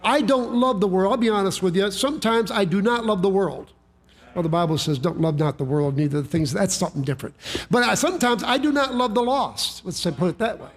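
A man's voice: high voice, expressive, fairly quick. A man preaching a sermon, telling a story in a folksy way with frequent restarts and repeated words. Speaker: pastor.

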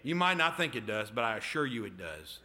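A man's voice: medium pitch, very animated, brisk, pushed and bright. A middle-aged man preaching a sermon, often stopping to ask "amen?" of the congregation. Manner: emphatic call-and-response, repeated "amen?".

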